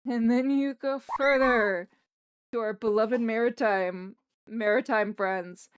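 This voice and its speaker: Young Canadian woman, mild accent, smooth clear voice, dry close mic, rambling casual stream chat. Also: fairly high pitch, fairly even intonation, takes it slowly, no echo. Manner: chatty, rambling, self-correcting with frequent laughs. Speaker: livestreamer. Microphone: streaming microphone.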